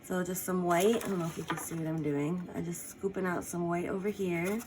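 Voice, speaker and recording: Talking while she paints, this woman keeps her casual tutorial chatty and slips in little apologies along the way. Her voice is on the low side, fairly quick and fairly even in intonation, with background noise present.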